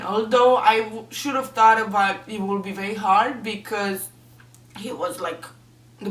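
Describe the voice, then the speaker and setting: A woman's voice: medium pitch, a bit bright. Woman, casual vlogger, emotional and rambling, recorded in a roomy space from a distance. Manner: chatty and emotional, with many fillers. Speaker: book reviewer. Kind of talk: casual vlog book review. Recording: echoey room, mic at a distance.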